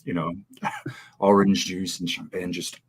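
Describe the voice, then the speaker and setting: A man talks in a loose, rambling way, restarting sentences and breaking into laughter. His voice sits very low and has a husky, slightly rough edge. He comes across as an easygoing podcast host. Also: level tone, takes it slowly. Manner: rambling, laughs often, many fillers and restarts. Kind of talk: casual chat.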